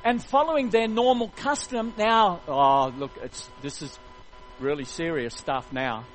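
A man preaching a sermon, retelling a story in an animated, jokey way. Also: fairly high pitch, measured pace, soft background music, low-quality recording.

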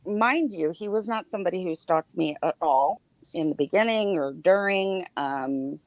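On a podcast panel, a middle-aged woman with a lowish voice shares a personal story in relaxed conversation, full of fillers and halting starts. There is no echo on the recording.

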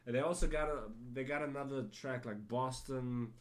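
A man's voice: medium pitch, normal speed. A man hosting a podcast in casual chat, rambling and hesitant, often laughing. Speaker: podcast host.

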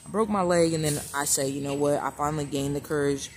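A man's voice: on the high side, fast talker. Blunt, profane man telling a story. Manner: blunt, profane, with frequent restarts and repeats. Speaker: vlogger. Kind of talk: casual personal storytelling. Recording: clear steady background noise.

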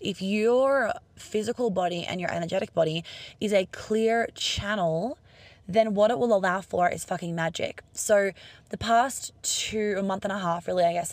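A woman's voice: fairly low pitch, no room sound. Chatty Australian woman, dry close sound. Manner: chatty, profane, upbeat, acts out quoted dialogue. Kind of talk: casual monologue to camera.

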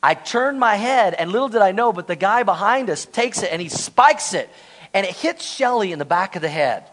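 Animated, high-voiced storytelling pastor. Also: male voice, moderate pace. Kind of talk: sermon.

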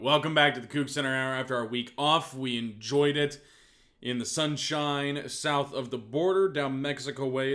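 A man's voice: medium pitch, fairly bright tone. A man hosting a podcast in casual chat, rambling and enthusiastic, joking at his own expense. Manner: rambling, enthusiastic, self-deprecating. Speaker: podcast host.

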